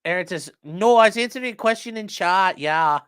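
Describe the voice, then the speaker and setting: A man's voice: high voice, animated, a little fast, a bit bright, clear, resonant tone. A man hosting a casual livestream, joking around and reading viewer comments aloud. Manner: jokey, rambling, reads viewer comments aloud. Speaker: livestream host reading chat.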